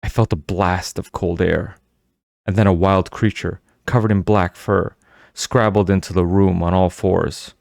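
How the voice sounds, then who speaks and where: A man narrating an audiobook in a steady, measured storytelling manner. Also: low voice, gravelly, dry recording, studio quality.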